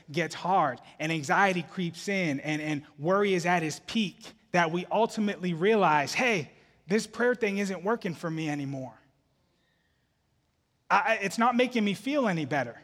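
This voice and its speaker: A man's voice: on the high side, fairly bright tone, in a large hall. A man preaching a sermon as pastor, telling a story in a loose, conversational way with frequent restarts.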